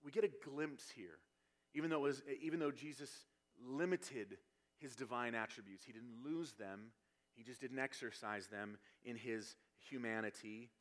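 A man's voice: mid-range voice, moderate pace. A man preaching a sermon, explaining scripture verse by verse and building to emphatic passages. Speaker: pastor.

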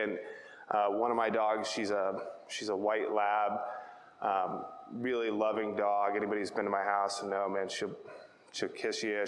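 Man teaching in an echoey hall. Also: lowish voice. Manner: checks in with "right?" after nearly every point; relaxed, plain-spoken, tells family stories. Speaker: preacher. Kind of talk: conversational Bible teaching. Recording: echoey hall with long reverb, faint hiss.

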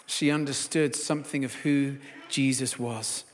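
A man preaching a sermon and telling a story, swinging from hushed to loud. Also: on the high side, a little slow, big-room sound.

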